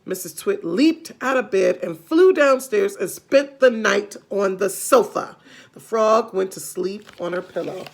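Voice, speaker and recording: A woman reading a children's storybook aloud with expressive delivery and her own asides. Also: mid-range voice, a little slow, vocal fry. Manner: expressive, adds gasps and asides.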